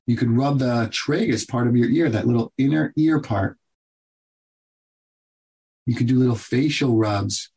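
A man with a slightly husky, breathy voice hosts a health advice talk show. He coaches listeners earnestly, repeating his points and rushing through some phrases. His pitch sits at an ordinary middle level. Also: warm tone. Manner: earnest, repetitive coaching tone with quick bursts. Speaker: radio show host and doctor.

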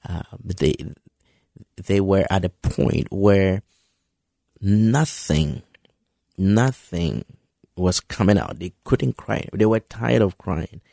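A man delivers a sermon in a deep, gravelly voice at an unhurried pace. He is earnest and encouraging, often halting and repeating words before pushing on. The sound is dry and close. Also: warm tone, no room sound. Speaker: preacher.

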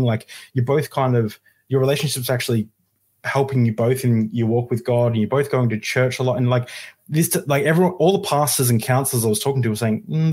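A husky-voiced man hosts a podcast and talks at a rapid clip. He tells a personal story in casual chat and brings the quoted lines to life. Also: medium pitch. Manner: animated, acts out quoted dialogue. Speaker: podcast host.

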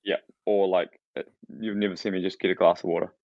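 A man's voice: low-pitched, flat delivery, fast talker, darkish tone, no room sound. A man, co-hosting a podcast and telling rambling, self-mocking stories. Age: 30s. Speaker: podcast co-host. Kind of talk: casual chat. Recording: dry, dull lo-fi sound.

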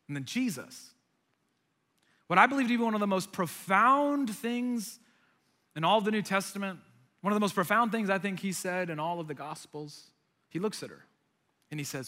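High, bright-voiced preacher. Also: male voice, normal speed. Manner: animated storytelling, acting out voices. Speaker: pastor. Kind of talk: sermon.

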